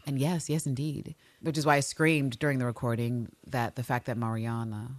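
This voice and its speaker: Low-voiced, foul-mouthed recap host. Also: female voice, normal speed, no room sound. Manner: animated and profane, with high-pitched mock voices. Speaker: podcast host recapping a TV series. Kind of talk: casual chat.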